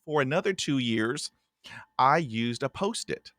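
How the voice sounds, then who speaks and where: A man's voice: medium pitch, measured pace, dry recording. Guy with a stutter hosting a podcast, chatty storyteller, dry close sound. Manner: animated storyteller, often addresses the guest by name. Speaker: podcast host. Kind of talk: casual interview chat.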